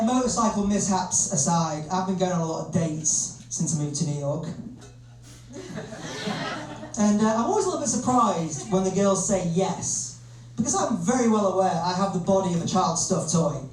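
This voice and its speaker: A young man with a Northern English accent, doing a self-deprecating stand-up comedy set as a lively storyteller on a comedy club stage. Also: sits high, normal speed. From north of England. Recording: echoey club, distant mic, crowd.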